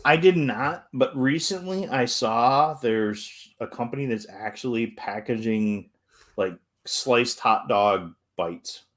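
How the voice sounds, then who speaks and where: A man's voice: medium pitch, slow. Brief: male co-host, easygoing and rambling, reads viewer messages between casual chat.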